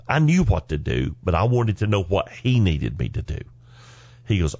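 Low-voiced folksy man in his forties. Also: normal speed, no room sound. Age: 40s. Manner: folksy, animated storyteller who chuckles between lines. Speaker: podcast host. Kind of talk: personal storytelling.

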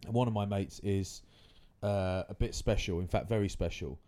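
A man's voice: on the low side, normal speed, dark tone. A man, hosting a podcast and telling rambling stories in casual chat. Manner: rambling anecdotal storytelling. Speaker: podcast host.

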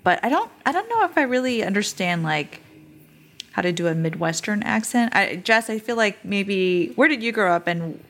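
A woman's voice: mid-range voice, big pitch swings, normal speed. A woman who grew up on Guam, a former TV reporter with a polished broadcaster delivery, chatting on a panel. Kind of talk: casual panel chat.

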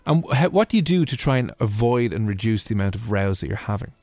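A man hosting a radio show, quick and jokey, teasing his co-host. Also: lowish voice, animated, darkish tone, dry recording. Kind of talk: casual radio chat.

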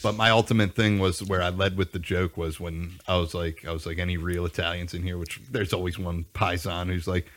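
Man, young adult, very low voice, laid-back, swears a lot, casual chat. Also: fairly even intonation, fairly quick, hardly any pauses, a bit bright. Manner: profane, laid-back storytelling.

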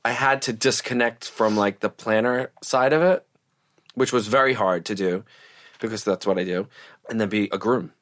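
A man with a fairly low voice, talking loosely and conversationally. He is a wedding planner speaking as an interview guest. His sentences are loose and strung together with "like" and "you know". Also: normal speed, fairly bright tone. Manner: chatty, heavy use of "like" and "you know". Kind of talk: casual interview chat.

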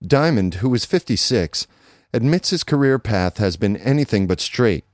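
A man reading a business news feature aloud in a measured, even newsreader manner. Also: on the low side, dry recording, studio quality. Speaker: narrator reading an article. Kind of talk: scripted read-aloud narration.

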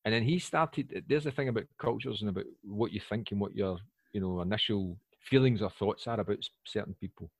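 British male, 40s, fast rambling anecdote-teller, husky low voice, dry close sound. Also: no echo. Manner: rambling, animated storyteller with many fillers. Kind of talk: casual chat. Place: lives in Poland.

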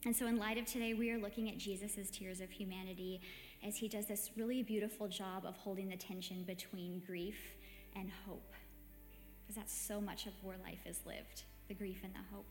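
Gentle woman giving a devotional talk in an echoey hall. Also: medium pitch, little pitch movement, moderate pace, faint music behind. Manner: gentle, reflective, conversational with soft hesitations. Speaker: meditation host. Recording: echoey hall with long reverb.

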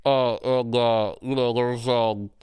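A man's voice: medium pitch, fairly even intonation, takes it slowly, darkish tone, smooth, no echo. Man, casual film chat, loose and swearing, filler-heavy, dry unroomy sound. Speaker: podcast co-host.

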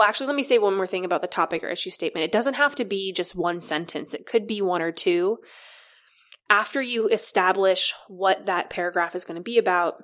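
A woman co-hosting a chatty podcast about writing. She lays out ideas patiently, one step at a time, often giving examples. Her voice sits at an ordinary middle pitch. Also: fairly bright tone. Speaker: podcast co-host. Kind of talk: explanatory chat on writing.

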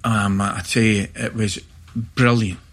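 Husky middle-aged Scottish man telling stories. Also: fairly low pitch, slow. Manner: animated anecdotes with laughter and acted-out shouts. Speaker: guest. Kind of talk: storytelling in casual chat.

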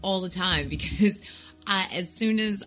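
A woman's voice: mid-range voice, unhurried, fairly bright tone, soft background music. A woman joining a casual podcast discussion, chatty and emphatic. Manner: chatty and emphatic, laughs between points. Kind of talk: casual chat.

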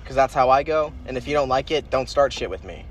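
A man's voice: medium pitch, lively intonation, fast talker, slight background noise. A man hosting a casual podcast, talking in a profane, boastful and swaggering way. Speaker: podcast host.

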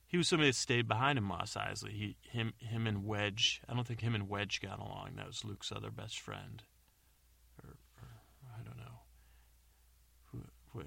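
A man with a low, gravelly voice that still has a bright, forward edge. He rambles through a bedtime story, doubting himself and wandering off into asides. The recording is close and dry. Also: no echo. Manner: meandering, self-correcting, unsure asides. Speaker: podcast host.

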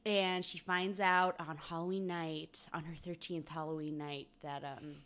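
A woman co-hosting a casual chat, playful and chatty with quick asides. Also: sits low, level tone, a bit bright. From United States.

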